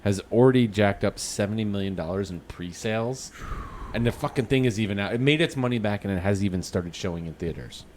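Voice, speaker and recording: A man with a fairly low voice chats casually on a podcast, swearing freely. A light hiss of background noise sits under his voice. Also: brisk. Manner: swears freely, jumps into loud cartoonish impressions. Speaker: podcast co-host.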